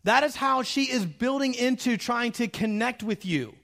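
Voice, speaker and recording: High-voiced man preaching with humor. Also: moderate pace. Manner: animated, acts out quoted dialogue; humorous, direct address to the audience. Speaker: pastor. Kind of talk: sermon.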